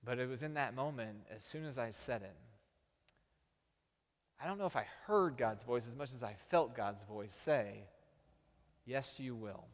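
A man's voice: mid-range voice, lively intonation, moderate pace, big-room sound. A man from Texas, a pastor telling a story in a sermon with self-deprecating humor.

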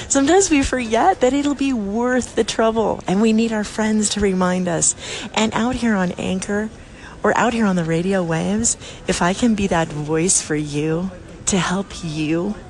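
A woman hosting her own podcast, telling a story in a chatty, expressive way and laughing often, recorded in a busy airport. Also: a little high. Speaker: podcast host. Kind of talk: casual storytelling to listeners.

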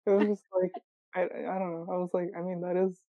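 A woman's voice: fairly low pitch, level tone, fairly quick, no echo, phone-quality sound. A young woman in casual chat, self-deprecating and hesitant, trailing off with small laughs.

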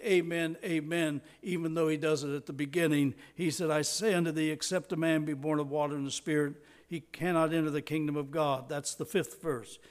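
An older man preaching a sermon, earnest and emphatic, stressing key words and repeating them for weight. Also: on the high side.

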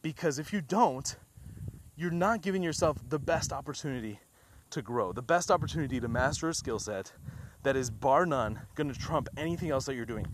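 A man delivering an enthusiastic sales pitch for a trading group, emphatic, repeating his points and firing off rhetorical questions. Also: brisk, background noise. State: a little out of breath.

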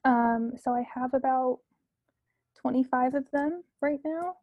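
A young woman, a podcast guest, talking casually and earnestly about herself, with many fillers and soft asides. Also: sits high, measured pace, no echo, highs cut off.

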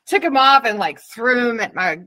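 Bright-voiced woman telling frank stories. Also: on the high side, lively intonation, normal speed. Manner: candid and profane, laughing often. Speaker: podcast co-host. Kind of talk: casual storytelling chat.

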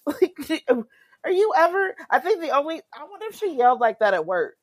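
A woman's voice: high voice, big pitch swings, fairly quick, no room sound. Conversational woman co-host, dry sound. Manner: conversational, asks questions, backchannels often. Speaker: podcast co-host. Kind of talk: casual chat.

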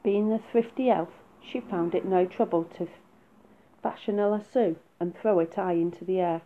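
A woman reading a children's story aloud in a soft, unhurried way. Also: medium pitch. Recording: phone-like narrow sound.

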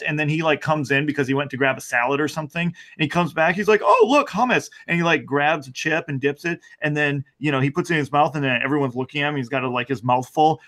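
A man's voice: fairly high pitch, fairly bright tone. A man co-hosting a casual theology chat, telling a rambling story with jokes and restarts. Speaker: podcast co-host.

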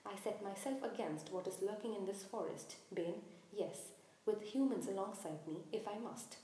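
Woman voicing grave young centaur, storybook, earnest warnings, mellow, echoey room. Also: medium pitch, normal speed, lightly acted. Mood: angry. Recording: very echoey room, faint hiss.

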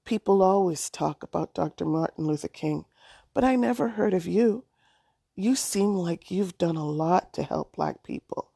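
A woman's voice: lowish voice, normal speed, gravelly, warm tone, husky, dry recording, clean studio sound. A woman voicing an eager young schoolgirl. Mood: curious. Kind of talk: storybook reading.

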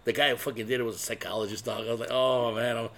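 A man's voice: on the low side, very fast. A man in casual chat who swears a lot and acts out quotes while telling stories. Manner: swears a lot, animated storyteller acting out quotes.

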